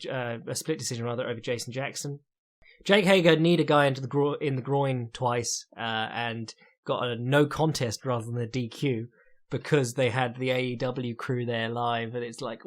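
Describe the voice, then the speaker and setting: A young man talks through recent fights on his own podcast, blunt and sardonic and quick to swear. His pitch sits in an ordinary middle range for a man. He rattles off results with dry, throwaway asides. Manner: sardonic, profane, rapid asides. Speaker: podcast host and fight analyst. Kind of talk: casual solo commentary.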